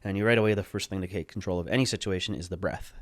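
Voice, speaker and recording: A man with a low voice tells a story as a podcast guest, casual and animated, and he swears freely. He acts out what people said. The sound is dry and close. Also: very fast, dry recording.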